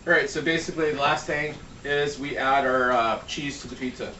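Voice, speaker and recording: A man's voice: mid-range voice, steady tone, a little fast, pushed and bright, a little hiss or hum. A man giving a casual cooking demo in his home kitchen, joking around and swearing freely. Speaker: home cook. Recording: echoey room, mic at a distance.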